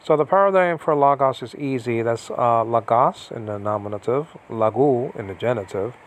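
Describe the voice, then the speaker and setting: At a moderate pace and in a mid-range voice, a man rambles through a casual online Biblical Greek grammar lesson from home during a storm. He talks to himself and fills the lesson with fillers and asides, all on a low-quality recording.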